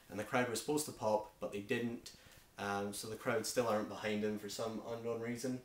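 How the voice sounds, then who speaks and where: A man's voice: lowish voice, fairly even intonation, moderate pace. Man, Scottish accent, casual review, opinionated, enthusiastic, lots of ums, echoey room. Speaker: wrestling show reviewer.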